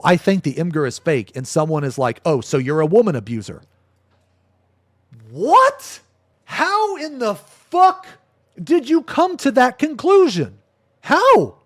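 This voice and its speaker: A man's voice: darkish tone, no echo, studio quality. Indignant swearing man ranting, voice jumping up. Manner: indignant, swears a lot, pitch jumps up when angry; calls listeners "bro" and "man". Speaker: streamer. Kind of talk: heated commentary rant.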